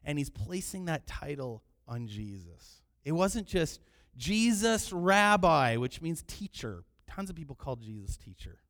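A man preaching a sermon in an animated way, sometimes raising his voice to act out the people in his story. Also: a little high, measured pace. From Canada. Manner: animated preaching, acting out quoted cries loudly. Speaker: pastor.

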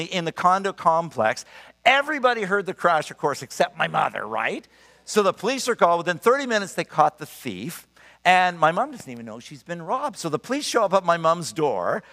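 A man in his sixties preaching a sermon, emphatic and animated, telling personal stories. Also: high voice. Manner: animated, emphatic, storytelling with laughs. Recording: long reverb of a large hall.

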